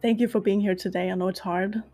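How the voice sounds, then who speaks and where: A woman's voice: medium pitch, steady tone, fast talker, mellow. A woman hosting a stream, playing a fake funeral straight in a mock-solemn way, stumbling and restarting as she talks. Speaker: streamer host.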